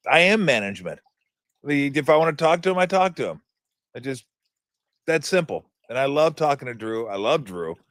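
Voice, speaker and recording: A man's voice: medium pitch, very animated, moderate pace, a bit bright, no room sound, clean studio sound. A middle-aged man hosting a casual sports talk show, telling stories animatedly and laughing often. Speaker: podcast host.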